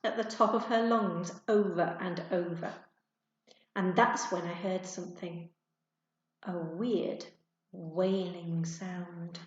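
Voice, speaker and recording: A woman's voice: lowish voice, takes it slowly. Woman reading a storybook aloud. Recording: echoey room, dull sound.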